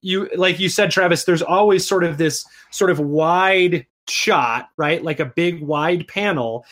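A man in a relaxed chat with friends, speaking in a slightly raised register. He rambles, backs up and restarts his thoughts as he goes, with plenty of fillers. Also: fairly high pitch, measured pace. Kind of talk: casual chat reviewing a comic.

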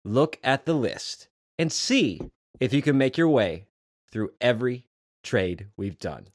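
A man's voice: medium pitch, animated, measured pace, no echo, clean studio sound. A man co-hosting a casual podcast chat in a playful, jokey way. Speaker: podcast co-host.

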